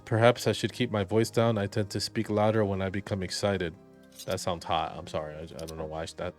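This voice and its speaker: A man's voice: lowish voice, fairly quick, a little mellow, faint music behind. A man giving rambling, jokey let's play commentary and reading the game's dialogue aloud. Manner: rambling, jokey, reads game text aloud. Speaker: gaming video commentator.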